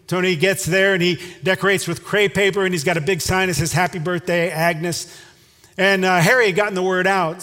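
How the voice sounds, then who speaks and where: High-voiced man preaching in a hall. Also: fairly bright tone. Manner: storytelling, then earnest closing prayer. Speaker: pastor. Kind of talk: sermon.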